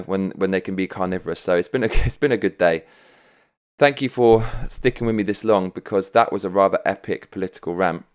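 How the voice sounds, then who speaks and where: A man vents to camera in a loose, profane rant, full of sarcasm and chuckles. His voice sits on the lower side. He records from his own home studio. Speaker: vlogger host.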